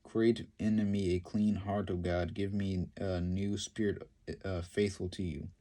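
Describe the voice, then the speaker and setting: A man's voice: deep voice, flat delivery, a little slow, warm tone. A man voicing a remorseful male king praying for forgiveness in a retold Bible story. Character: repentant male king pleading with God.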